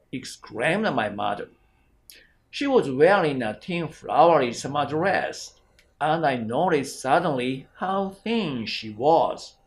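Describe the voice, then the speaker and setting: A man's voice: a little high, very animated. A male exam prep teacher, reading an English exam passage aloud carefully. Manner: slow, careful read-aloud.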